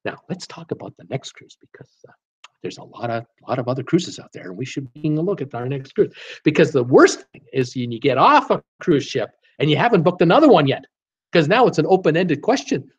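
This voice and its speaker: A man's voice: a little high, sing-song, fairly quick, husky, dull audio. A man hosting a travel vlog in a casual, enthusiastic livestream chat, reading out viewer comments. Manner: enthusiastic, repeats praise words.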